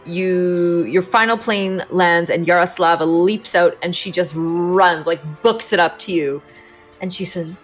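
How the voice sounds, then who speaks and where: A woman's voice: lowish voice, a little slow, faint music behind. A woman narrating a tabletop game as game master, with lots of hesitant ums and uhs.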